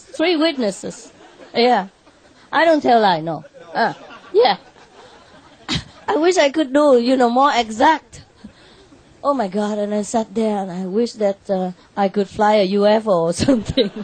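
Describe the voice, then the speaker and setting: A woman telling an animated story to an audience in non-native English, laughing often and lifting her voice for her own quoted words. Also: a little high. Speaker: spiritual teacher addressing an audience.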